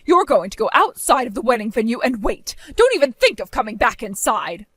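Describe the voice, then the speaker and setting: A stern middle-aged mother with a cold, scolding edge, as a woman puts her on. Her voice sits lower than the woman's usual high tone, and the lines land as commands. Close, dry recording with no room around it. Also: big pitch swings, a little fast, fairly bright tone, breathy edge, no room sound, exaggerated voice. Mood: commanding. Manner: harsh, commanding. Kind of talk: amateur voice drama.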